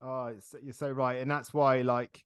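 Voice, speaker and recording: A middle-aged man hosting a casual interview podcast, chatty and quick to laugh as he tells stories. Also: medium pitch, little pitch movement, clear, resonant tone, no echo, clean studio sound. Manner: chatty, laughs often, storytelling. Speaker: podcast host.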